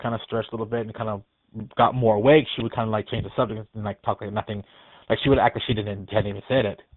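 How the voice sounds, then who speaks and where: A man's voice: medium pitch, no echo. A man who works at a care facility, telling a ghost story in a casual, rambling and hesitant way. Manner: rambling and hesitant, with many restarts. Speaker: care facility staff member. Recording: tinny phone-like recording, dry.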